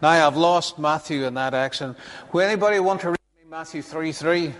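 High-voiced male preacher in a reverberant hall. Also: fairly even intonation, brisk, fairly bright tone, a little hiss or hum. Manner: chatty, joking asides and chuckles. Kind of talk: sermon. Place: church hall before a congregation.

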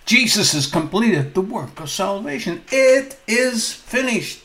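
A preacher voicing a calm, gentle male doctor who speaks in an even, reassuring way. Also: a little high, measured pace, exaggerated voice.

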